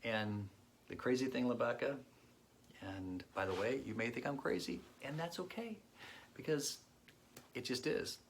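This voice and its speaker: A man in his late forties telling his personal faith testimony in an earnest, reflective way, pausing often. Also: mid-range voice, lively intonation, creaky, slight background noise. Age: 40s. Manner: earnest and reflective, with pauses and fillers. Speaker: guest sharing his testimony.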